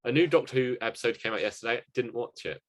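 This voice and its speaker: A man co-hosting a casual podcast chat, self-mocking and quick to laugh. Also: mid-range voice. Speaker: podcast co-host and editor.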